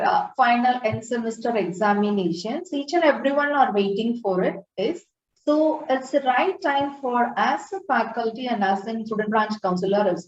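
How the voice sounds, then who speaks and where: An earnest woman delivers a formal, encouraging address over a video call, pausing often on fillers. She sounds set back from the microphone in a roomy space. The audio is dull and lo-fi. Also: on the high side, darkish tone, recorded from a distance. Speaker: student branch counselor giving an address.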